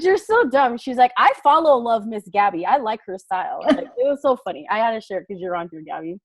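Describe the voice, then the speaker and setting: A woman hosting a relaxed group video call, chatty and quick to laugh. Her voice sits a little high. She comes through a video call mic. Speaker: call host.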